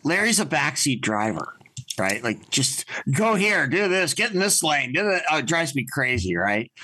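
Animated, bright-voiced storytelling man. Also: fairly high pitch, moderate pace, breathy edge. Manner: animated, laughs often, casual swearing. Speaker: podcast guest, business owner. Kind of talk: casual storytelling chat.

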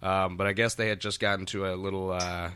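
Low, bright-voiced man telling bar stories. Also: little pitch movement, a little fast, clean tone, dry recording. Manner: rambling, many fillers and restarts, swears freely. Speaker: bartender and podcast co-host. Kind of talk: casual storytelling chat.

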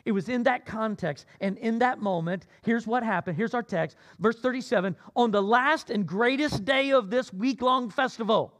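A man preaching a sermon as pastor, swinging between loud emphatic cries and low asides. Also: normal speed, few pauses.

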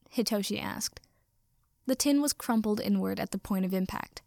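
Woman reading a story out loud, gravelly voice, super dry close sound. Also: mid-range voice, normal speed, no room sound. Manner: steady storytelling narration. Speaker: narrator.

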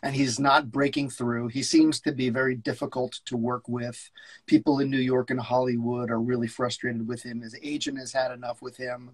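A man co-hosting a podcast in casual chat, enthusiastic and a little halting. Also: medium pitch, flat delivery, poor audio. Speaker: podcast co-host.

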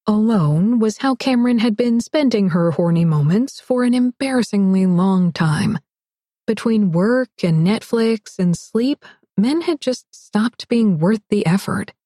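A woman narrating a romance audiobook in a wry, expressive read. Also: fairly high pitch, dry recording, clean studio sound. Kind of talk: scripted narration.

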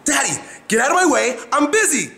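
A man voicing his five-year-old daughter as a bossy, busy little girl who makes shrill, insistent demands. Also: big pitch swings, fairly quick, sharp tone, exaggerated voice.

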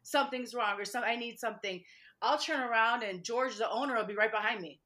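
A woman's voice: on the high side, a little fast, bright, forceful tone. A woman guest in casual interview chat, talking in a chatty way, laughing often and acting out quotes. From Michigan, USA.

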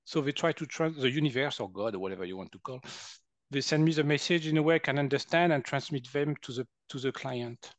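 Fast-talking and medium-pitched, a man from France in his fifties appears as a guest energy healer and shares personal stories in conversation. His French accent is clear as he animatedly performs quotes and laughs frequently, all on a dry recording.

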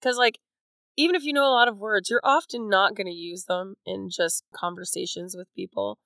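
A woman co-hosting a casual book podcast, chatty and loose, with many "like"s and "you know"s. Her voice sits at a medium pitch. The sound is dry and close. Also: moderate pace, vocal fry, fairly bright tone, no room sound. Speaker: podcast co-host. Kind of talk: casual chat.

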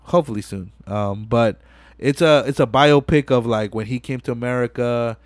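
A man's voice: medium pitch, moderate pace, dry recording, studio quality. A man hosting a podcast, casually recapping a movie scene by scene, swearing a lot and acting out the characters' lines. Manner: animated retelling with profanity, acts out lines. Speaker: podcast host.

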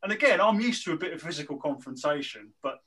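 Bright-voiced rambling man. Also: a little high, fast talker, slightly rough, low-quality recording. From southern England. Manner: rambling, animated, lots of fillers. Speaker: guest telling a story. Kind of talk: casual anecdote telling.

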